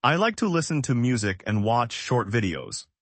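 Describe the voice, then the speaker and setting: A man teaching English in a scripted lesson, speaking short, simple sentences slowly and clearly for learners to repeat. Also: mid-range voice, big pitch swings, a bit bright, no echo. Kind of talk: slow scripted language lesson.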